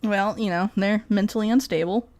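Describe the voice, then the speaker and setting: A woman's voice: medium pitch, normal speed, darkish tone. A woman streamer in casual live-stream commentary, rambling and profane, laughing often as she talks.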